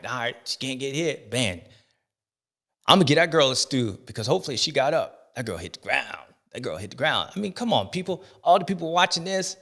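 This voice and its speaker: A man hosting a casual sports recap show, talking in slangy, animated commentary with sudden loud outbursts. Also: sits high. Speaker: host.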